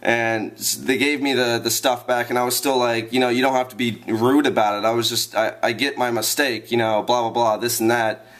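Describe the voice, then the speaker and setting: A man's voice: medium pitch, little pitch movement, moderate pace, a bit bright. A man ranting to his viewers in a vlog, rambling and exasperated, repeating himself as he vents. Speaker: vlogger.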